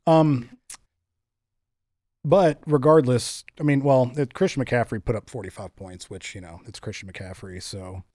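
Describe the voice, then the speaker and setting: A young man hosting a casual fantasy football chat, joking easily with his friends. His voice sits at an ordinary middle pitch, and the sound is close and dry. He moves between segments loosely, without hurry. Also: unhurried, darkish tone, no echo. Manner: laid-back, joking, runs the segments. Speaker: podcast host.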